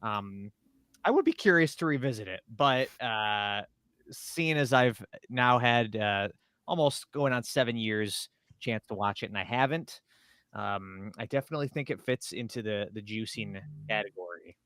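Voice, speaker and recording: A man's voice: fairly low pitch, moderate pace, fairly bright tone, smooth, dry recording, studio quality. A man co-hosting a casual podcast chat, telling stories in a rambling, laid-back way. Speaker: podcast co-host.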